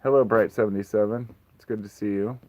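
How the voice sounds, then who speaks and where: Low-voiced male streamer with a dry close sound, frank and rambling, swears freely. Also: fairly even intonation, fast talker, a little mellow, dry recording, poor audio. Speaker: livestream host. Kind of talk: casual livestream Q&A chat.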